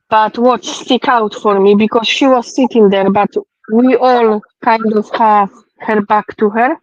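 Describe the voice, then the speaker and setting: A woman speaking as a guest on a casual live-stream chat, in halting, simple phrasing. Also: on the high side, no echo, poor audio. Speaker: guest investigator.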